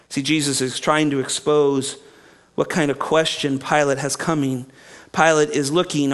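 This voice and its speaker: Animated high-voiced male preacher. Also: a little fast. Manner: animated, acts out quoted speakers, frequent restarts. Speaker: pastor. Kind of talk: expository sermon.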